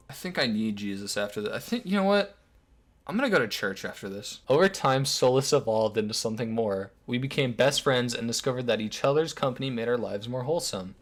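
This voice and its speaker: A man's voice: mid-range voice, expressive, fairly quick, fairly bright tone. A man narrating an online commentary video in a sarcastic, crude way with lots of swearing.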